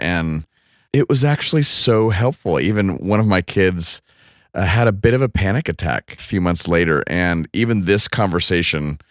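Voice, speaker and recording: Very deep-voiced man hosting a podcast. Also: no room sound, clean studio sound. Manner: chatty, joking, rambling asides. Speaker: podcast host. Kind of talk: casual chat.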